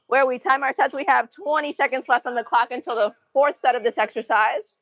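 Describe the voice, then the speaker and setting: A woman's voice: high-pitched, a little fast, a bit bright, no echo, poor audio. A young adult woman from Massachusetts with a Massachusetts accent, livestreaming a gym workout, counting reps aloud and chatting casually with viewers. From Massachusetts, USA. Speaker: fitness livestreamer. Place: gym, indoors.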